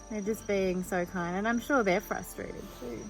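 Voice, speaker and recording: A woman's voice: mid-range voice, poor audio. A woman talking openly to the camera in a casual personal vlog, thinking aloud as she goes. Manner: chatty and open, thinking aloud. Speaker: vlogger.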